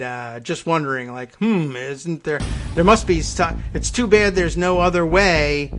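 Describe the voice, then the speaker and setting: A man hosts a radio talk show from a studio microphone, reading news copy in a somewhat high voice. He breaks off often into dry, sarcastic remarks, trailing off with fillers as he thinks aloud. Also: a bit bright.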